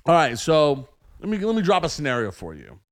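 A man's voice: on the high side, wildly swooping pitch, fairly quick. A man, co-hosting a casual chat and posing hypothetical questions, often acting out what he would say. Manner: poses hypotheticals, acts out quotes. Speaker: podcast co-host.

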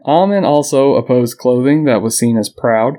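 Here a podcast co-host, male and medium-pitched, keeps a measured pace. He loosely recounts history, relaxed and chatty, slipping in fillers and small laughs often.

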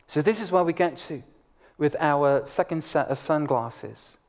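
A man's voice: on the high side, unhurried, a little mellow. A middle-aged man, a pastor, preaching an emphatic sermon to his congregation. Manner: emphatic preaching with rising and falling intensity.

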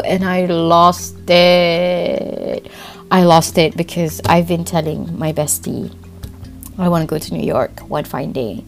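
A young woman with a Malaysian accent, hosting a podcast and telling a story in a giggly, excitable way, laughing often. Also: fairly low pitch, a little slow, vocal fry, faint music behind. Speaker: podcast host. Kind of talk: casual storytelling monologue.

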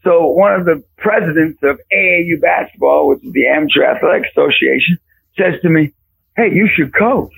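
A man's voice: a little high, steady tone, fairly quick, gravelly, fairly bright tone, breathy edge, low-quality recording. A middle-aged man, a preacher and youth basketball coach, telling a story in a faith conversation and acting out the voices in it with big jumps.

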